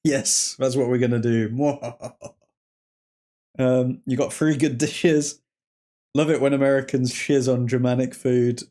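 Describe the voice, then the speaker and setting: A man's voice: mid-range voice, steady tone, takes it slowly, warm tone. Young english guy hosting a live watchalong, cheeky banter with chat, laughing a lot. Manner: jokey banter, laughs often, reads chat comments aloud. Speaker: livestream host.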